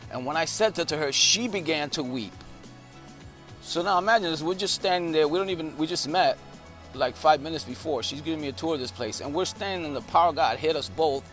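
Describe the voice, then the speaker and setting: A man's voice: a little high, a little fast, fairly bright tone, soft background music. A male evangelist preaching a testimony story, with emphatic storytelling that builds in intensity.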